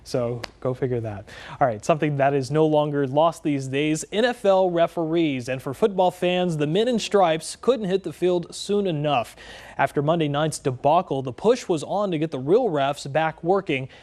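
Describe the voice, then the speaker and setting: A man's voice: a little high, moderate pace, a little mellow. A man anchoring a local TV newscast, reading stories and bantering with the weatherman. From Texas. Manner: smooth, conversational anchor delivery with light banter. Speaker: news anchor.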